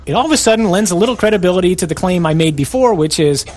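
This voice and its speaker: A man's voice: sits high, expressive, very fast, a little mellow. A man preaching a sermon, emphatic and pressing his listeners with rhetorical questions.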